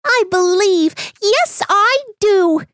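A woman voicing a sad little male donkey in a rhyming storybook read-aloud, with a high, pleading sing-song manner. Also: lively intonation, slow, a bit bright, dry recording, studio quality, exaggerated voice. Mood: overjoyed.

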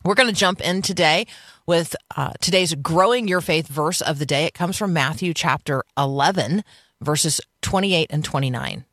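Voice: medium pitch, normal speed, a bit bright, no room sound, clean studio sound. A radio host giving an earnest devotional teaching, preaching with rhetorical questions.

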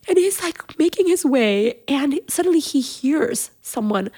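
Gravelly-voiced woman telling a family story. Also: high voice, measured pace, few pauses. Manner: emotional, animated storytelling with fillers. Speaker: podcast guest. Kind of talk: personal storytelling.

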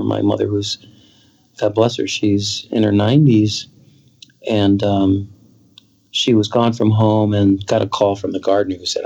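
Gravelly, husky man telling stories. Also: on the low side, a little mellow, muffled recording. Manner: earnest, storytelling with quoted dialogue. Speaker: guest. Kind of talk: conversational interview.

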